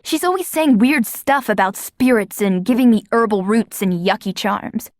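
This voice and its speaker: A woman's voice: fairly high pitch, normal speed, no echo, clean studio sound, close to an everyday voice. A woman doing a prickly, sullen teenage girl. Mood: exasperated. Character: defensive, prickly teenage girl, quick-tempered. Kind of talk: audiobook character voice.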